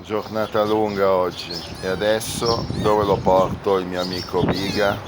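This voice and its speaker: A man's voice: low-pitched, level tone, moderate pace. A man with an Italian accent filming himself on a bike trip, coaxing a kitten. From Sardinia, Italy. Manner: talks softly to a kitten, coaxing. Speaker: cycling vlogger. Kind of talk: on-the-road vlog talk. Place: outdoors by a highway. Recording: loud wind and traffic noise.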